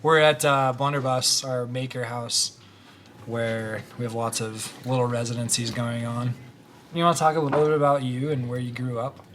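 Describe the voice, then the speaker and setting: A man's voice: mid-range voice, moderate pace, noisy background. A man hosting a podcast, reading an intro and then chatting casually with his guest. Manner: friendly, relaxed, uses fillers like "like". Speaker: podcast host.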